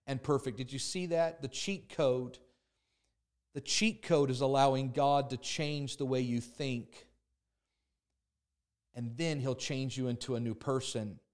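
A man preaching a sermon with emphatic, repetitive phrasing, acting out the complaints of his listeners. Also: fairly high pitch. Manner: emphatic, repetitive preaching with voiced congregant laments. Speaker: pastor.

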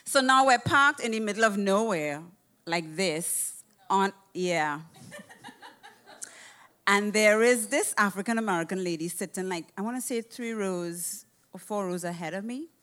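A woman telling a personal travel story in a casual, animated way, swearing freely. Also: mid-range voice, measured pace. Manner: animated, profane, acts out quoted voices.

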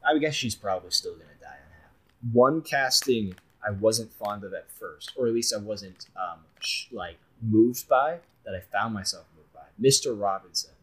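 Young man, husky voice, lowish pitch, relaxed rambling movie review chat. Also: moderate pace, low-quality recording. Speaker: podcast co-host.

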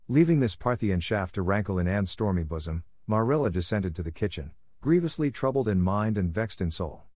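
Male audiobook narrator, low voice, steady and even, dry close sound. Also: no echo. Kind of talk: scripted narration.

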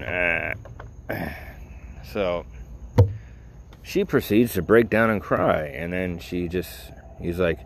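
A man with a very deep, low voice tells a personal story in a loose, rambling way. He fills his talk with "like" and "you know" and drops wry, profane asides. A faint hiss of noise sits under the voice. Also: slow pace, gravelly, long pauses.

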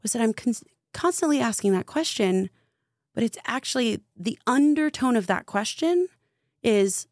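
Woman, spiritual coach as podcast guest; low, fry-edged voice, earnest storyteller, dry close sound. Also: lively intonation, normal speed, darkish tone, no echo. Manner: earnest, heavy use of filler "like". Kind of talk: casual storytelling conversation.

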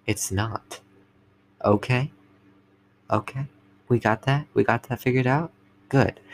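Gravelly young man, gently reassuring. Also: on the low side, slight background noise. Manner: gentle, reassuring, coaxing, with playful nudges. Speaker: boyfriend recording a comfort message. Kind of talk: soothing personal voice message.

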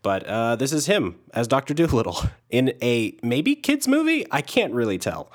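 A man hosting a casual movie podcast, talking in an animated way, often laughing. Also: medium pitch, normal speed. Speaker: podcast host.

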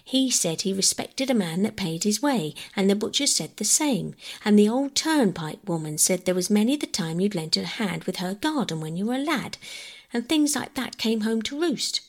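A woman voicing an earnest young girl who pours out long, eager explanations in an audiobook reading, with a breathy voice. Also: mid-range voice, lively intonation, moderate pace, voice pushed up.

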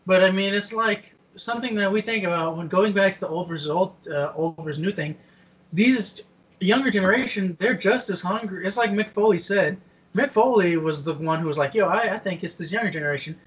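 A man with a notably high voice chatting over a video call, relaxed and slangy, often breaking into laughter. The sound is dull and lo-fi, like a call recording. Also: a little fast, distant mic. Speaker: wrestling podcast co-host.

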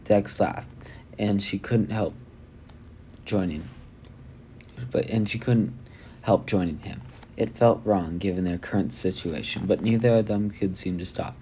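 A man's voice: fairly low pitch, measured pace, long pauses, dark tone, a little hiss or hum. A man reading a novel chapter aloud, stumbling and restarting lines and adding his own asides. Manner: reads with frequent slips and restarts, adds asides. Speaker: audiobook reader. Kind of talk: amateur audiobook reading.

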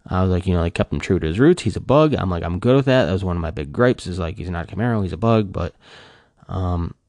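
A man chatting casually and rambling, full of fillers and restarts, his voice jumping up when he gets excited. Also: low voice, fast, dry recording, clean studio sound. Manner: animated fan gushing, voice jumps up when excited. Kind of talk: casual chat.

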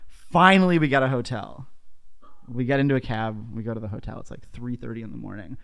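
A man's voice: mid-range voice, fairly quick, vocal fry. A man hosting a podcast, telling a long story in casual chat, rambling and filling nearly every phrase with "like". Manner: animated anecdote telling. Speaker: podcast host.

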